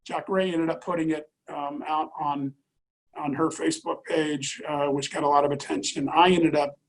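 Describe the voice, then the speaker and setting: A middle-aged man, an airline executive, telling a personal story in an interview in an earnest, halting way with many fillers and restarts. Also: on the high side, little pitch movement, rough recording.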